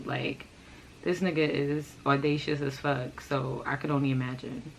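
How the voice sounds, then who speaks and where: Blunt, low-voiced woman telling a story. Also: flat delivery, normal speed, creaky, slight background noise, poor audio. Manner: blunt, profane, exasperated ranting. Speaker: fashion channel host. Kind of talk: storytime vlog.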